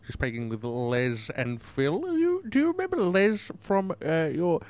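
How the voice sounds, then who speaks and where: Mock-formal comedy host. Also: male voice, fairly high pitch, wildly swooping pitch, measured pace, a little mellow. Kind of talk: improvised comedy banter.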